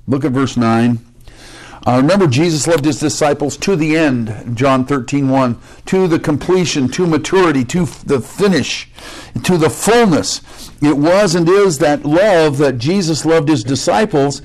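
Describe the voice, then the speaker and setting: A man's voice: on the high side, normal speed, darkish tone. A male pastor preaching a sermon in a conversational way, with joking asides, restarts and rhetorical questions.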